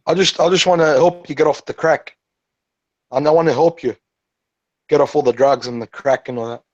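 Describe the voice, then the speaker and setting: A man's voice: fairly high pitch, steady tone, fairly quick, a little mellow, highs cut off. A man taunting someone in an online voice chat, needling her with repeated jibes. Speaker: voice chat room participant. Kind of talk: mocking online voice chat banter.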